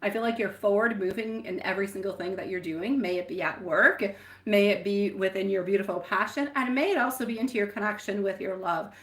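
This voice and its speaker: A woman's voice: medium pitch, a little fast, low-quality recording. A French woman hosting a live tarot reading, addressing viewers affectionately with pet names. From France. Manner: affectionate, calls viewers sweetie pie. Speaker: tarot reader.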